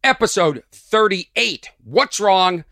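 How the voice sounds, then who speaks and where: Guy doing a solo comedy podcast, high bright voice that swoops all over, dry close sound, sarcastic and sleepy-wired. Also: slow pace, vocal fry, dry recording. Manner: animated, sarcastic, mock-exasperated. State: sleepy but energized early morning. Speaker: podcast host. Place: at home early morning, birds outside.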